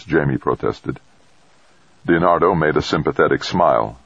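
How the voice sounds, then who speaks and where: Deep husky male audiobook narrator. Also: normal speed, no room sound, muffled recording. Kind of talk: scripted narration.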